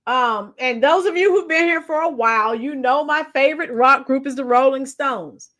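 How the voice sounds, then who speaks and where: A woman's voice: sits high, normal speed, a bit bright. A woman in her fifties hosting a casual livestream, chatting with viewers and now and then breaking into song. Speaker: livestream host and schoolteacher. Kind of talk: casual livestream chat reading the chat.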